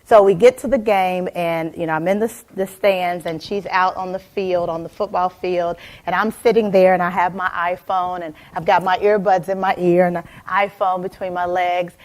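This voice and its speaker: A woman in her forties telling a personal story in a lively keynote talk, calling out to audience members by name. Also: fairly low pitch, moderate pace, few pauses. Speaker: motivational speaker.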